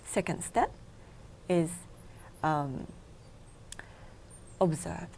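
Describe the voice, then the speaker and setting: A woman's voice: on the low side, expressive, takes it slowly, long pauses, darkish tone, slight background noise. A woman whose first language is Japanese, a meditation instructor being interviewed in a TV studio, explaining steps in simple English. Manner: explains in numbered steps, simple non-native grammar. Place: local TV studio.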